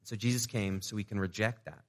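A man's voice: fairly low pitch, fairly even intonation, a little fast, in a large hall. A man preaching a sermon as a pastor, talking conversationally, asking the audience rhetorical questions and repeating words as he restarts.

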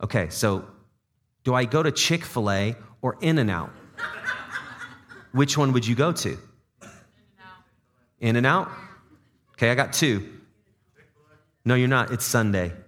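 A man's voice: mid-range voice, expressive, unhurried, long pauses, a bit bright. A man preaching a sermon as pastor to his congregation. He talks in a conversational way, asks the room questions, repeats words as he thinks aloud and drops in dad jokes. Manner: jokey dad-joke asides. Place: church service before a congregation.

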